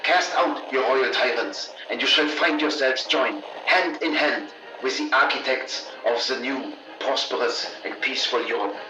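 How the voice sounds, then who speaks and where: A man's voice: medium pitch, a little slow, few pauses, background noise, natural voice. A man doing a grandiose wartime radio propagandist. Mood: declaiming. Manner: grandiose, declaiming. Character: male propaganda radio announcer, grandiose and stern. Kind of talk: 1940s radio acting. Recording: distant echoey radio broadcast with music.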